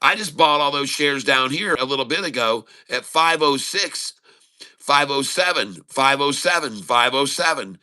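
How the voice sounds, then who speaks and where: A man giving excited running commentary on his live day trades, calling out prices and talking to viewers as folks. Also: mid-range voice, a little slow, clean tone. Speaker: day-trading streamer.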